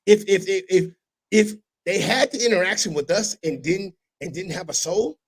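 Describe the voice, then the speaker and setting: A man hosting a casual podcast, telling stories with animated delivery and sudden loud impressions. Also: high voice, moderate pace, husky, low-quality recording. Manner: animated storytelling, breaks into loud shouted impressions. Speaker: podcast host.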